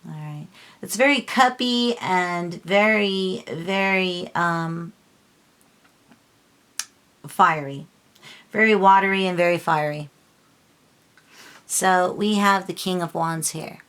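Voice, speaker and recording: Woman doing a tarot reading, kinda low voice, gets fired up and scolds, lots of um and you know. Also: slow, long pauses, fairly bright tone, clean tone. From Los Angeles. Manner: impassioned, scolding, lots of filler and restarts. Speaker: tarot reader.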